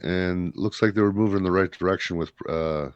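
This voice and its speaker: Blunt low-voiced man, rambling. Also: a little fast, no room sound, muffled recording. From Canada. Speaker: podcast host. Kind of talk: casual chat.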